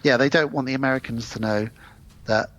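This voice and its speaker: A man's voice: mid-range voice, fairly quick. A man co-hosting a podcast, animatedly retelling a film and acting out its lines. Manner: animated, acts out film lines in put-on voices. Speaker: podcast co-host. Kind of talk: casual film discussion. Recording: slightly dull lo-fi sound.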